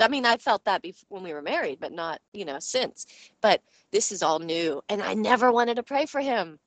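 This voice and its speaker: Earnest halting woman sharing a testimony. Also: fairly high pitch, no echo. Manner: earnest and halting, searching for words; often breaks into laughter while speaking. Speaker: Christian speaker sharing a testimony. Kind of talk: personal faith testimony talk.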